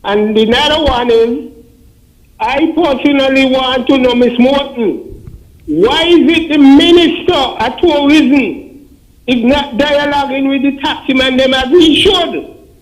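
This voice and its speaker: A man's voice: very high voice, measured pace, rough recording. A man with a Kittitian accent calls into a radio show, pressing insistent, pointed questions. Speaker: radio caller. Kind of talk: call-in radio complaint.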